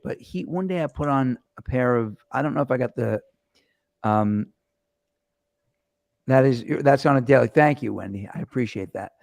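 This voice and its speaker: Gravelly-voiced man hosting a rambling chat. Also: mid-range voice, dry recording. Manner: animated, rambling, profane storyteller. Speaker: host. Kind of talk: casual chat. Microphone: webcam or phone camera mic.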